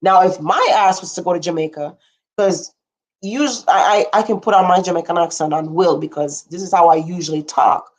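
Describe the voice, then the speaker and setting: A woman's voice: lowish voice, fairly quick. Rambling, blunt young woman on a livestream. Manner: rambling, frank, blunt, with casual swearing; reacts to viewer comments as she talks. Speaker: livestream host. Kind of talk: casual livestream chat.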